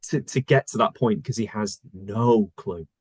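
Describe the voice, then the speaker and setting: A male voice actor talking casually in an interview, thoughtful and searching for words with many pauses. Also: lowish voice, slightly rough, dry recording. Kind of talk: casual conversation.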